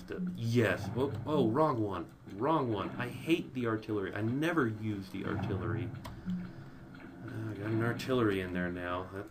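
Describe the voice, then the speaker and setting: A man giving casual gameplay commentary, talking straight to his viewers and jumping high in pitch when things go wrong. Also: background noise. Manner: excitable, voice jumps high when panicking; talks directly to viewers. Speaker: let's play commentator.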